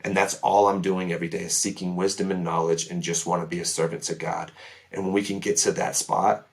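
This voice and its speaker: A man's voice: deep voice, flat delivery, fairly quick, gravelly. A man speaking as a podcast guest, sharing his testimony in an earnest, emphatic way. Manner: earnest, emphatic, many "right?" asides. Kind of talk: casual testimony chat.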